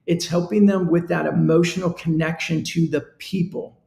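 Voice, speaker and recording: A man's voice: a little high, level tone, normal speed, vocal fry, warm tone, roomy sound. A man hosting a live-stream business talk, speaking earnestly and conversationally in a coaching tone. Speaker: show host.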